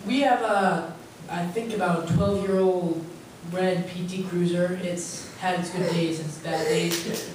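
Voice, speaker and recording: A teenage boy performing a stand-up set, telling rambling stories with many restarts. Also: high-pitched. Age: teens. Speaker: stand-up comedian. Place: stage in a hall with an audience. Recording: echoey room from far off with noise.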